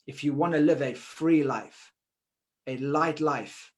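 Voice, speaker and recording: Earnest man telling a heartfelt story. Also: fairly high pitch. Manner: earnest and emotional, often quick, slowing down to stress key words. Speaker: forum panelist sharing a personal story. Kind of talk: heartfelt personal testimony.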